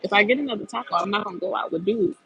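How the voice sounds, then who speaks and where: A woman hosting a live stream, venting bluntly and profanely in a casual, animated rant about dating. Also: medium pitch, rapid-fire, muffled recording. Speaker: lifestyle channel host on a live stream.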